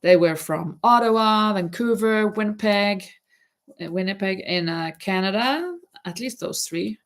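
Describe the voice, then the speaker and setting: A woman with a medium-pitched voice speaks a little slowly as she hosts a casual livestream, knitting while she chats. She talks straight to viewers in a rambling, hesitant way, often restarting her words.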